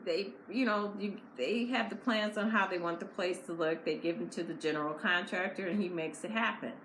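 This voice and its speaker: A woman's voice: on the low side, brisk, fairly bright tone. A woman giving a casual, blunt and opinionated recap of a reality show episode. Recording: echoey room with faint noise.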